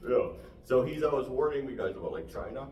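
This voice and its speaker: A young man works a small crowd with loose, self-deprecating stand-up, and his pitch swings widely. He keeps rambling and laughing. The sound is distant and roomy, with steady background noise. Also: fast talker, lo-fi sound. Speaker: stand-up comedian. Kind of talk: stand-up set. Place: small live venue. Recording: echoey room, distant mic, noisy.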